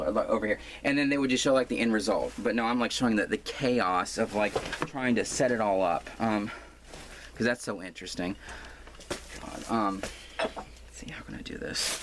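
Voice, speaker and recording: Man, home crafting vlogger, low voice, rambling and self-mocking, noticeable background noise. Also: normal speed. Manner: rambling, full of fillers and restarts; self-deprecating. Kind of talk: casual rambling vlog. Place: room at home. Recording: noisy home recording.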